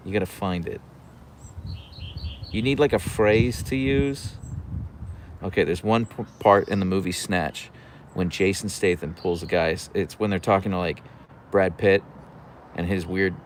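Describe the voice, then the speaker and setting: A young man hosting a casual livestream, reading chat aloud with dry, sarcastic banter. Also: slight background noise. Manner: often trails off into low gravelly murmurs.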